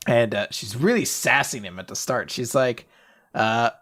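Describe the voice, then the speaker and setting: A man's voice: mid-range voice, unhurried. A man chatting casually on a podcast, retelling scenes with lots of laughter and swearing. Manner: animated retelling, acting out characters' lines, laughing often. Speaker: podcast co-host. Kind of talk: casual comic chat.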